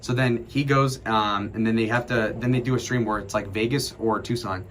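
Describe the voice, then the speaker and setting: A man's voice: fairly low pitch, fairly quick, a little hiss or hum. Profane young man rambling through a story. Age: 20s. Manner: rambling, profane, animated retelling. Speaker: streamer. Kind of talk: casual livestream storytelling.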